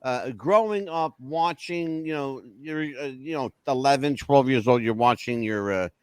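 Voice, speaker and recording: A man's voice: medium pitch, normal speed, smooth, no room sound. A man hosting a casual radio talk show, folksy, blunt and joking with his guests. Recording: dry studio sound.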